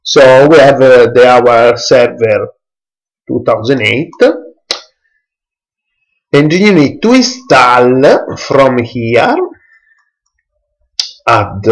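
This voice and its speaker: Slow, halting man explaining software. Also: medium pitch, poor audio. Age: young adult. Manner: halting, many fillers and restarts, non-native English. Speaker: tech tutorial presenter. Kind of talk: screencast tutorial.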